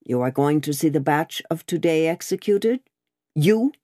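A stern, vengeful revolutionary woman, voiced by a woman reader, cold and deliberate, in a very low, dark voice. Her pitch swings widely as she presses each point. The sound is dry and close. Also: lively intonation, dry recording.

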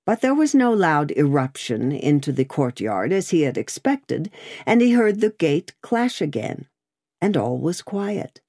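A woman reads a classic novel aloud as scripted narration, expressive and lively in her pitch. Her voice is lowish, with a mellow, dark tone. The recording is close and dry. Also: unhurried, no echo. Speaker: audiobook narrator.

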